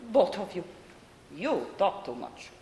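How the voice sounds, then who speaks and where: A woman's voice: lowish voice, very animated, measured pace, warm tone. A woman plays a bitter elderly grandmother with a curt, commanding manner. She sounds guarded and hard. The voice carries across a big, echoing theater with a long hall tail and a faint hiss underneath. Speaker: stage actor. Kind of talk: live stage play. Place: theater stage.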